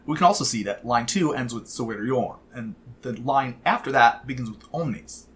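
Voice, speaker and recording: A man teaching Latin in a calm, measured and explanatory way, reading verse slowly. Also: mid-range voice. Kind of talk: scripted lesson narration.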